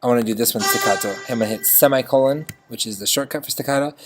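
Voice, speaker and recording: A chatty music teacher walking through a notation lesson on screen, forever asking "okay?" and humming bits of the tune. The voice sits at an ordinary middle pitch. Faint instrument playback sounds behind the talk. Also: racing. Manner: chatty, checks in with frequent "okay?", sings notes.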